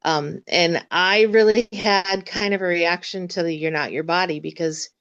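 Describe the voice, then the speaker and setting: A woman with a somewhat low voice shares a personal reaction. She speaks reflectively, pausing with fillers as she searches for the right words. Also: steady tone, fairly bright tone, smooth, lo-fi sound. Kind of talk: casual group discussion.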